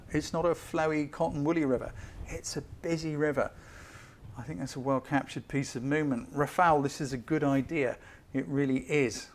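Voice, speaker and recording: A man giving a live-streamed photo critique as a photography tutor, chatty and enthusiastic, hurrying along with quick apologies. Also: on the high side, gravelly, a little hiss or hum.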